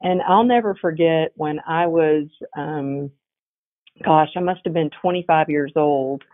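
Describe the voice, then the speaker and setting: A middle-aged woman, a guest coach, telling her story in a lively conversational way, laughing often and restarting her sentences. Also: low voice, unhurried. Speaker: podcast guest, resilience coach. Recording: tinny phone line.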